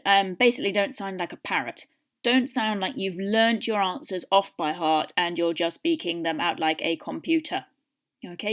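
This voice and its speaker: A woman language teacher, talking pupils through exam preparation in a chatty way with many fillers and acted-out example answers. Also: on the low side. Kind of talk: recorded lesson for pupils.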